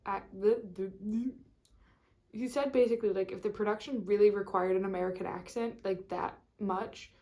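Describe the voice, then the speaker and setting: A woman's voice: medium pitch, steady tone, normal speed, mellow. A woman vlogging in a casual, rambling chat to camera, full of fillers and restarts.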